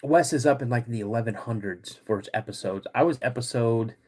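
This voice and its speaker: A middle-aged man hosting a casual livestream, laid-back and rambling, clearing his throat often as he gets over a cold. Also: medium pitch, fairly quick, a little mellow. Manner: laid-back and rambling, greets chat viewers between stories. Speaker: podcast host.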